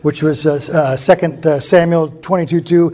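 A man's voice: on the high side, fairly even intonation, normal speed, a little mellow. A man preaching a sermon through rambling anecdotes, with frequent restarts. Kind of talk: sermon storytelling.

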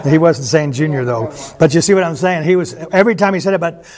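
A man teaching the Bible in a conversational way, animated and chuckling as he retells stories. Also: fairly high pitch, moderate pace, a crowd in the background.

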